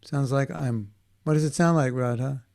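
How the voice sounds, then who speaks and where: A man's voice: mid-range voice, moderate pace, gravelly, darkish tone. A man teaching a class for children in a conversational way, often checking in with his students and restarting his sentences. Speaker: workshop teacher for kids.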